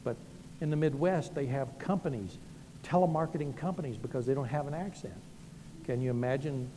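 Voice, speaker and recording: Southern pastor preaching in a hall. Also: male voice, mid-range voice, brisk, warm tone, slight background noise. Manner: folksy storytelling, self-deprecating. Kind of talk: sermon.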